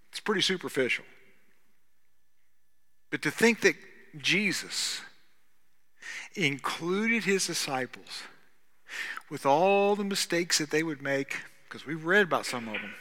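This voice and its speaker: A man preaching a sermon as pastor, talking conversationally and swinging between loud stretches and hushed ones. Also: high-pitched. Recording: long reverb of a large hall.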